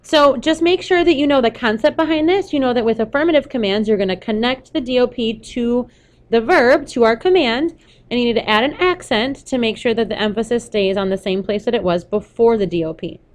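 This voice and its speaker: A woman's voice: on the high side, fairly quick. A woman teaching a recorded Spanish lesson to students over slides, explaining patiently step by step with a few fillers along the way.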